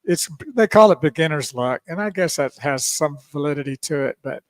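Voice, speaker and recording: A man co-hosting a radio show, easygoing and quick to laugh. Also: fairly high pitch, lively intonation, no echo, studio quality. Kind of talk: casual radio chat.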